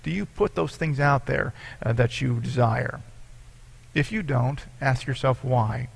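A man with a gravelly, creaky voice preaching to his congregation. He reads scripture aloud and explains it earnestly, as a pastor would. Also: medium pitch, a little slow. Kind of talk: sermon.

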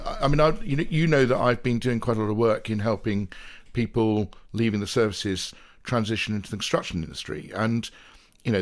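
A man from the South Coast of England co-hosting a podcast in a casual, rambling, jokey way, wandering off into playful digressions. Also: mid-range voice. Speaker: podcast co-host.

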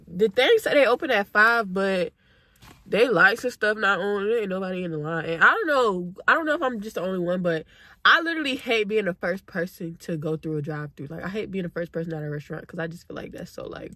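A woman's voice: mid-range voice, lively intonation, fairly quick, bright, forceful tone. A woman in her twenties talking casually to her viewers in a chatty, slangy vlog, speaking into a phone camera. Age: 20s. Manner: chatty and slangy, addresses viewers as y'all and baby. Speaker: vlogger. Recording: noisy phone vlog audio.

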